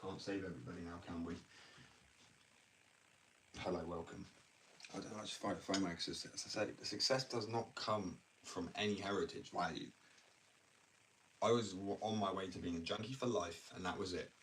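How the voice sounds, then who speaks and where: A man's voice: sits low, fairly even intonation, normal speed, long pauses, a bit bright. A young man from England ranting bluntly and ramblingly in a casual livestream, full of slang. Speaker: live streamer. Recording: distant mic with faint background noise.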